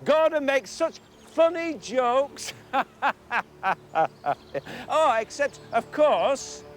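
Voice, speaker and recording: A man's voice: very high-pitched, expressive, drawn-out words, soft background music, exaggerated voice. A man playing a fussy, pedantic businessman. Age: middle-aged. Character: pedantic fussy middle-aged businessman Angus. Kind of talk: stage play.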